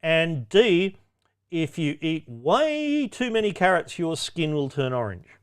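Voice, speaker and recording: A man's voice: a little high, big pitch swings, slow pace, smooth. A man hosting a pub quiz, reading out questions with wry, cheeky asides and chatty self-corrections. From Australia. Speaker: quiz host.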